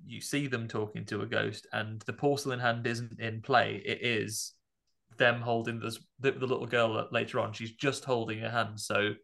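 A man's voice: mid-range voice, level tone, normal speed, gravelly, a bit bright. A man co-hosting a podcast, chatting casually and animatedly retelling horror film scenes. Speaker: podcast co-host.

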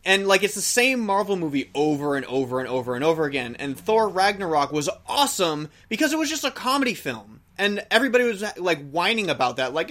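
A man's voice: sits high, sing-song, quick pace, few pauses, a bit bright. A man co-hosting a casual podcast, giving opinions in a rambling way with many restarts. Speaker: podcast co-host. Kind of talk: casual chat.

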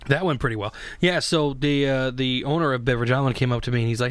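A man's voice: mid-range voice, fast, hardly any pauses, no room sound. A man hosting a casual solo podcast, rambling and joking with lots of restarts. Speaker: podcast host.

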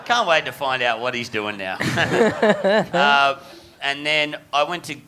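A man's voice: mid-range voice, animated, a little slow, bright, forceful tone, a little hiss or hum. A man, a comedian guest, telling a rambling story on a live podcast, with laughs and restarts.

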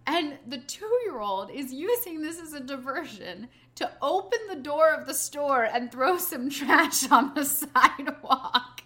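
A woman who works as a nanny, telling stories in casual chat, animated and laughing as she acts out quotes. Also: high-pitched, measured pace, few pauses. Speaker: podcast co-host, nanny.

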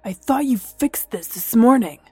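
A woman's voice: fairly high pitch, expressive, warm tone, slightly rough, no echo, faint music behind. A woman doing a testy, blustering young man. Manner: testy, drawn-out, defensive.

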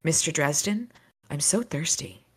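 A woman's voice: sits low, expressive, unhurried, husky, exaggerated voice. A woman voicing a feverish, weak young woman, murmuring breathily.

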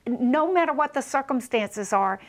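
A woman's voice: sits high, animated, moderate pace. A woman with a Southern US accent, a guest on a Christian talk show, speaking in a gracious, eloquent, preacherly way.

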